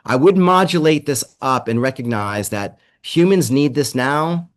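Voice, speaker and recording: Guy giving a webinar on a video call, casual and chatty, middle pitch, does little voices for quotes. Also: lively intonation, a little slow. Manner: conversational, acts out quoted voices. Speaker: webinar presenter. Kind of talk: presentation to leaders.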